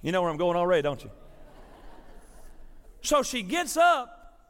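Animated preacher man, high voice. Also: a little slow. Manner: folksy, animated storytelling preacher. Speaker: pastor. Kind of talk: sermon with storytelling. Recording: preached in a reverberant sanctuary.

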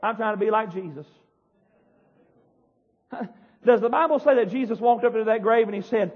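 A man preaching a fiery sermon as pastor, yelling and pounding the pulpit in a church. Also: extremely high pitch, normal speed, slightly rough. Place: church sanctuary. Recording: dull echoey church hall.

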